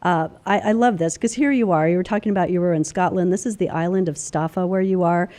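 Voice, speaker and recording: A woman's voice: on the low side, fast talker, mellow. A woman hosting a podcast interview, encouraging and affirming her guest as she asks questions. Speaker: podcast host.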